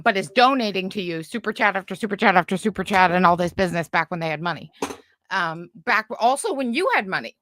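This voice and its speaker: A woman's voice: medium pitch, sharp tone, dry recording. A woman hosting a casual commentary stream, talking in a sarcastic, rambling way with lots of fillers. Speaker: commentary channel host.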